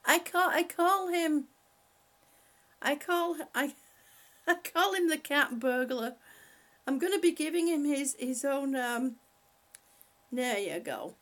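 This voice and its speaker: A woman's voice: high-pitched, lively intonation, takes it slowly, pauses often, fairly bright tone. A woman hosting a casual live chat from home, rambling and laughing often as she talks to her pets. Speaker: live-stream host.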